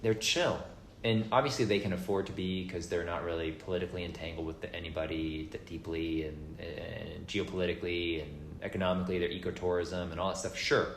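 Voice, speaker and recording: Low-voiced man in casual podcast chat. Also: brisk, vocal fry. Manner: rambling, animated when mimicking people. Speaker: podcast guest. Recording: roomy echo with faint background noise.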